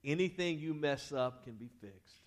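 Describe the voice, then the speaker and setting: Male pastor, fairly high voice, casual sermon delivery, quiet phrase endings with bursts of urging. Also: animated, normal speed. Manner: conversational preaching, drops to quiet endings, rises to urge the crowd. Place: church sanctuary.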